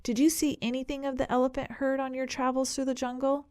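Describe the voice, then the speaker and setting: A woman voicing an eager, polite young elephant boy in a storybook, with a bright manner. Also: high-pitched, little pitch movement, fast talker, no room sound, clean studio sound, voice pushed up, natural voice. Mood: earnest.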